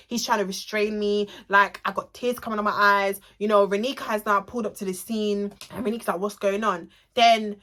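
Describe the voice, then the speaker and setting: Bright-voiced young woman. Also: mid-range voice. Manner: animated, emotional, swearing. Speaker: vlogger. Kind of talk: storytime vlog.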